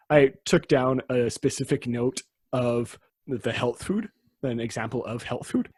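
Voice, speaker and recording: A man's voice: mid-range voice, darkish tone, breathy edge, no room sound. A man hosting a casual history podcast, explaining in a chatty way that often trails off mid-sentence. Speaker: podcast host.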